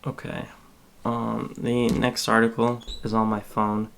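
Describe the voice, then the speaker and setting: Slow, gravelly man thinking aloud. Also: mid-range voice, monotone, fairly bright tone. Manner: halting, thinks aloud while browsing. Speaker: podcast host. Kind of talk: casual live-stream chat.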